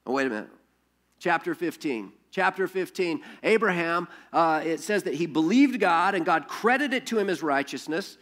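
A man preaching a sermon as pastor, telling stories in an animated way with rhetorical questions and frequent restarts. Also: a little high, moderate pace.

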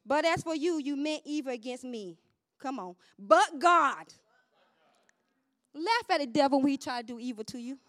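A woman preacher delivers a fervent sermon in a high voice. She rises into shouted proclamations and drops to low asides, calling for responses. The sound is dry and close, with no room echo. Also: animated, moderate pace. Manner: fervent, call-and-response preaching with swings from shouts to near-murmurs.

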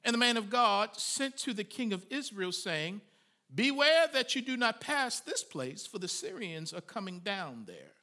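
Male pastor, sermon delivery; high, bright and lively voice, folksy asides, dramatic shouted climaxes. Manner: dramatic preaching, rising to shouts; folksy asides between scripture readings.

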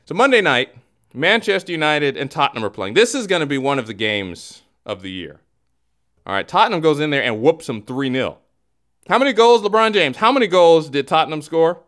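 A male comedy podcast host spins a story, circling back and restarting as he goes. His pitch swings widely in an animated, playful delivery. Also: fairly quick. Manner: animated, rambling, restarts often. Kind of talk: comic storytelling talk show.

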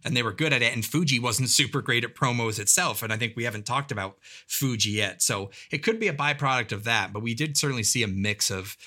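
A man's voice: medium pitch, lively intonation, quick pace, hardly any pauses, sharp tone. A man co-hosting a casual podcast chat, thoughtfully explaining his points. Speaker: podcast co-host.

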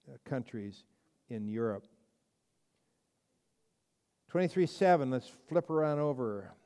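A man leads a Bible class with a warm, mellow tone. He talks in a chatty, emphatic way, circling back and restarting his sentences as he teaches. His pitch sits in an ordinary middle range. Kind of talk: conversational Bible study lecture.

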